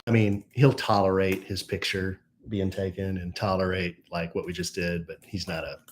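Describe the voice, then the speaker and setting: This middle-aged co-host has a deep voice and speaks at normal speed, keeping the podcast chat with his son lively, casual, and joking. Echo and faint noise fill the room.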